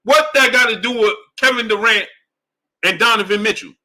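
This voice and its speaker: A man hosting a live boxing stream, arguing his point with repetition and greeting chat members in a lower voice. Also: normal speed. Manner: animated, argumentative, repeats points; drops low and soft for chat shout-outs. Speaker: boxing show host.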